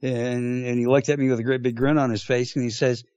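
Halting canadian man, very dry sound. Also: medium pitch, flat delivery, a little mellow, no room sound, highs cut off. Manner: halting, many fillers. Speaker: podcast host. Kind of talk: casual chat.

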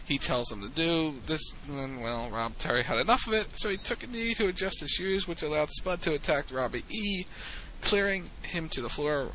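Bright-voiced man recapping casually. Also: on the high side, expressive, moderate pace, few pauses, a little hiss or hum. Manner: rambling, restarts and chuckles. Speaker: podcast co-host recapping wrestling. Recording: dull lo-fi sound with faint ambience.

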